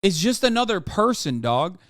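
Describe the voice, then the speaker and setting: A man's voice: high voice, very animated, normal speed, fairly bright tone, dry recording, clean studio sound. A man streaming casual reaction commentary, sarcastic and profane, rambling as he riffs.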